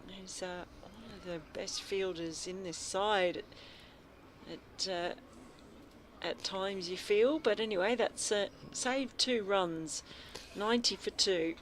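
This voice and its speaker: A woman's voice: medium pitch, slow pace, a little hiss or hum. Woman, radio cricket commentator, chatty, ball-by-ball. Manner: chatty, rises in energy on big shots. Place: commentary box at a cricket ground.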